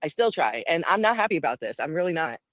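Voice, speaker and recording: A woman's voice: deep voice, sing-song, fast, fairly bright tone, no echo. A woman calling into a live stream, chatty and teasing. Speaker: guest caller on a live stream. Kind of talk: casual live-stream chat.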